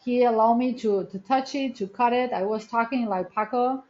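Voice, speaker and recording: Chatty woman telling stories, slightly high voice. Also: moderate pace, darkish tone, highs cut off. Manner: earnest, chatty storyteller with non-native English phrasing. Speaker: wildlife rescue center founder, guest. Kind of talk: casual interview storytelling.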